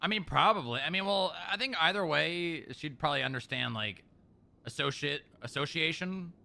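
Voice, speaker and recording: Brief: male roleplay streamer, animated, gravelly, very bright tone, teasing. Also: on the high side, normal speed. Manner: teasing, animated, laughs easily. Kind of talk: casual in-character roleplay banter.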